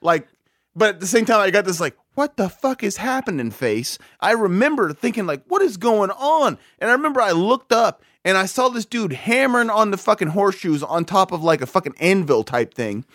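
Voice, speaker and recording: A man's voice: high voice, animated, fairly quick, a bit bright, no echo, clean studio sound. A man telling a rambling, profane story in casual chat, full of fillers and restarts.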